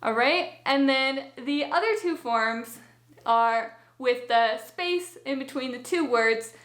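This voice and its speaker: A woman teaches a language lesson, taking each point slowly and reassuringly. Her voice sits high, and the room around her rings with noticeable echo. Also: a bit bright. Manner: patient, reassuring, step-by-step explaining.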